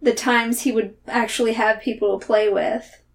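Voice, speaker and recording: High-voiced woman making playful quips. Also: steady tone, creaky, a crowd in the background. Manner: quick playful quips, fond sighs. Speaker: podcast co-host. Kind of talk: casual book club chat.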